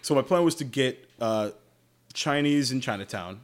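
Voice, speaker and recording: A man's voice: medium pitch, lively intonation, moderate pace. A man from Jacksonville, Florida, hosting a podcast and telling travel stories in a casual chat, swearing freely and laughing as he talks. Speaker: podcast host.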